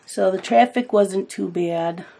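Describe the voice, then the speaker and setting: A woman's voice: medium pitch, a little slow, creaky, warm tone. Chatty woman telling stories while coloring. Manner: chatty storytelling, laughs at family anecdotes. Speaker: coloring channel host. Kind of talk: casual chat while coloring.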